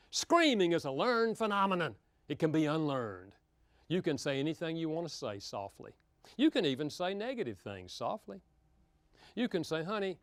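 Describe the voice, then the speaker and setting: A man's voice: mid-range voice, no echo. An older man, giving a folksy, humorous talk on marriage to an audience. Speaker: speaker on marriage. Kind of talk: lecture to an audience.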